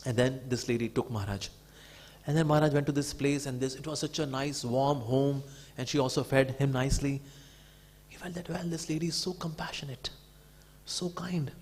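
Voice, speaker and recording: A man giving a devotional storytelling talk, animated and acting out the people in it. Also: mid-range voice, moderate pace, slightly rough. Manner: animated, acts out quotes. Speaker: devotee speaker.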